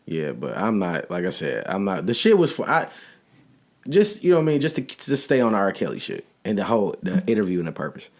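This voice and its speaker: A man's voice: deep voice, huge pitch swings, brisk, a little mellow. A man co-hosting a podcast, playful and slangy, laughing easily as he talks. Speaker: podcast co-host. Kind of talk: casual chat.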